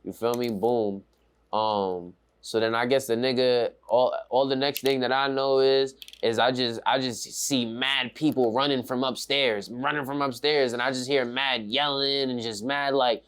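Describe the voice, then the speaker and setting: A man, telling a story in a casual interview, animated and slang-heavy. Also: medium pitch, a little slow, smooth. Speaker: interview guest.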